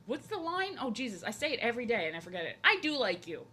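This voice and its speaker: While drawing on her live stream, a woman rambles to her chat, using "like" constantly. She talks fast on the high side, with big pitch swings and a sharp yet husky tone.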